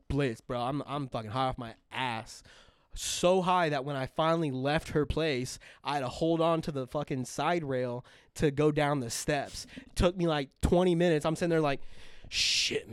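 A young man co-hosting a podcast rambles through casual stories, full of profanity, fillers, and false starts that circle back. The recording is dry and close, capturing his clear, smooth, mid-pitched voice at an ordinary pace.

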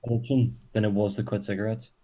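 A man's voice: fairly low pitch, little pitch movement, fast, warm tone. Rambling young Northern Irish man. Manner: rambling, swearing, mock-ranting. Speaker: podcast co-host. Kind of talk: casual chat.

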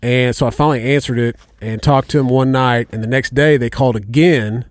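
A man telling stories in a casual chat, swearing freely and getting animated as he goes. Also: medium pitch, fairly quick, dry recording. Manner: profane, animated storyteller.

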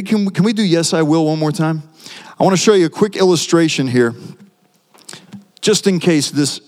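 A man preaching a sermon with passion, his pitch swinging widely as he builds to big points. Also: darkish tone. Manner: impassioned, with sweeping pitch swings. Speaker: guest preacher. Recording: long hall reverb.

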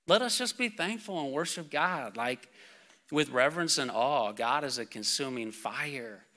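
A man preaching a sermon to his church, reading scripture and speaking casually with lots of fillers, getting excited and then calming down. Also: a little slow. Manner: excitable, casual fillers, builds to shouts then drops low. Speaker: pastor.

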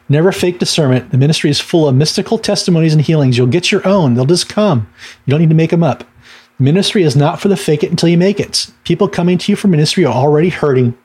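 A man's voice: fairly high pitch, darkish tone, breathy edge. A middle-aged man, a minister giving a casual teaching talk, telling stories with fillers and little laughs. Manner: conversational storytelling with laughs and fillers.

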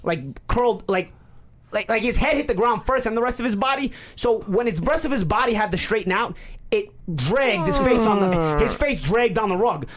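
A man, telling a profane, animated story as podcast co-host and acting out quotes. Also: high-pitched, moderate pace. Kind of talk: casual storytelling.

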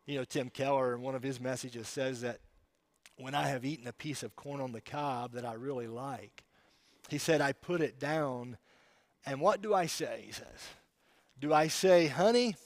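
A man preaching a sermon as pastor, emphatic, swinging from loud declarations to quiet asides. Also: a little high, normal speed, no room sound.

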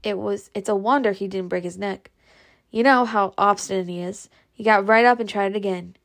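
A woman voicing a calm, kindly Southern gentleman near seventy, soft and reassuring in manner. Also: medium pitch, a little fast, lightly acted.

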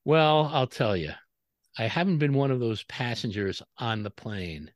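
A man co-hosting a podcast, telling stories in a loud, emphatic, casual way. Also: mid-range voice, sing-song, unhurried, no echo. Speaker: podcast co-host. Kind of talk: casual chat and storytelling.

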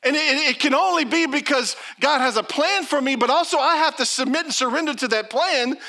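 Animated middle-aged preacher guy, high voice, tells stories and plays the parts. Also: brisk. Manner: animated storytelling preacher, acts out quotes. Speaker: pastor. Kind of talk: sermon.

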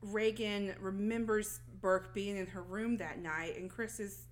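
A woman's voice: mid-range voice, fairly even intonation, measured pace, slight background noise. A woman co-hosting a casual podcast, retelling a film's plot and laughing often as she goes. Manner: laughs often, acts out lines while retelling. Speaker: podcast co-host. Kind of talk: casual plot recap chat.

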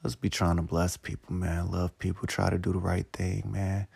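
A rambling man talking through a casual podcast monologue in a somewhat low voice, swearing freely and dropping "man" into every sentence. He turns heartfelt and choked up at times. The sound is dry and close, with no room echo. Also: level tone, moderate pace, vocal fry, a little mellow, breathy edge. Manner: profane, peppers every phrase with "man". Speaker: podcast host.

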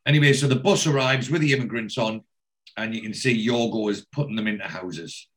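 A man's voice: fairly low pitch, a little fast. A man casually retelling a TV episode in a chatty, profane way, acting out the characters. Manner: chatty, profane, does voices.

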